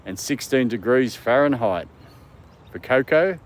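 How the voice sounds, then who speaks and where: A man's voice: medium pitch, animated, measured pace. An Australian man hosting a casual livestream from a dog park, answering viewer comments and talking to his dog. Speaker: livestream host.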